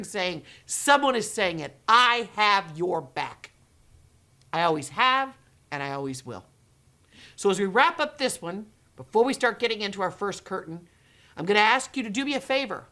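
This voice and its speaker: A middle-aged woman educator talks directly to her viewers with a lively, swooping pitch. She turns dramatic, acting out the reactions she expects with gasps and hushed whispers. Her voice sits in the middle of the usual range. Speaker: educator running her own company and channel. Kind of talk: direct-to-camera talk.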